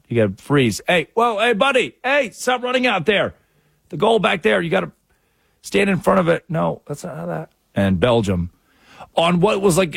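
A man hosting a sports talk radio show, delivering a sarcastic, animated monologue on a studio microphone. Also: creaky, slightly rough, no room sound. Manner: sarcastic and animated, with sudden jumps in pitch.

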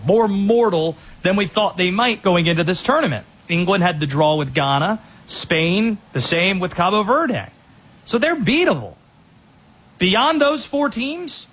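A man hosting a sports talk show, giving energetic, opinionated rundowns of players and teams. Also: sits high, slightly rough.

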